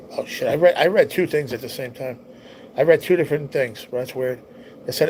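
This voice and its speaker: Livestream host, male, relaxed rambler with a stuffy nose and a tiring voice, faint hiss behind him. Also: mid-range voice, fairly quick, low-quality recording. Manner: rambling, easygoing, reads chat comments aloud. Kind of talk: casual livestream chat with viewers.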